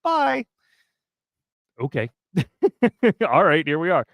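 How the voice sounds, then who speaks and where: Lively, chatty male livestream host. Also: on the high side, measured pace, clean tone, no room sound. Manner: chatty, lively, laughs between remarks. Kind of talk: casual chat and reading a story aloud.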